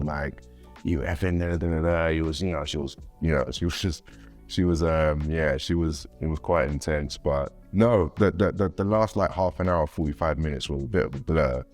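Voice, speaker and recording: With a bass voice and moderate pace, a father chats loosely as an interview guest while faint music sits underneath. He wanders and repeats himself, getting animated when he quotes others.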